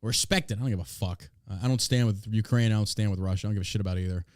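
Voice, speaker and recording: A man's voice: fairly low pitch, racing, no echo, clean studio sound. A man hosting a podcast, reading news aloud and ranting about it in a blunt, profane, way. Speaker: podcast host. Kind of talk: casual podcast commentary.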